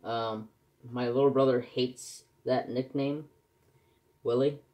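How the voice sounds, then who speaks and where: A man's voice: medium pitch, fairly even intonation, slow, mellow. A man, chatting casually and rambling as he answers questions for his crafting vlog. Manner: rambling, folksy, self-correcting. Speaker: crafting vlogger. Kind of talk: casual chat.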